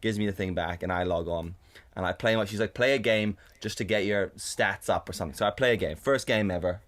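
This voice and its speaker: Animated, swearing podcast co-host man. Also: on the low side, brisk. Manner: animated, swears often, mimics his partner in a raised voice. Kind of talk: casual storytelling chat. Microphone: condenser studio mic.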